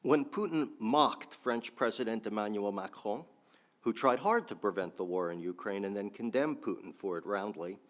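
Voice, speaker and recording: A man giving a think-tank panel talk with frequent ums and restarts, adding dry asides. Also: medium pitch.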